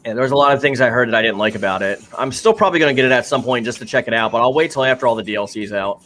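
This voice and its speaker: A young man from New York with a New York accent, chatting casually while reacting to a live stream, full of "like" and quick laughs. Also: medium pitch, bright, forceful tone.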